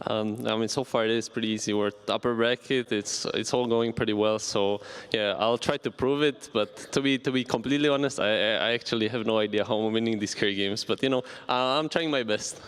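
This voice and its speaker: Relaxed man with a smooth voice. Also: fairly low pitch, fairly quick, few pauses. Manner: relaxed, joking. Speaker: pro player. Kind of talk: on-stage interview.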